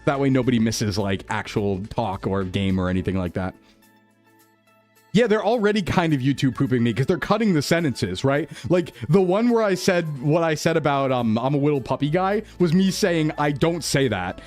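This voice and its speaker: A man's voice: medium pitch, animated, moderate pace, a little mellow, faint music behind. A man streaming live, chatting casually and laughing as he defends himself in a flustered way. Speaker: VTuber streamer. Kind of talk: casual livestream chat. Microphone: desktop streaming mic.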